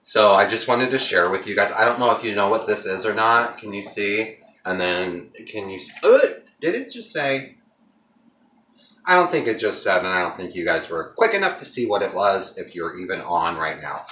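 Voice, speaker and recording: A man's voice: low-pitched, reverberant, lo-fi sound, a little hiss or hum. A man chatting casually to his viewers while he cooks at home, rambling from one thought to the next. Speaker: home cooking vlogger. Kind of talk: casual cooking vlog chat. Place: home kitchen.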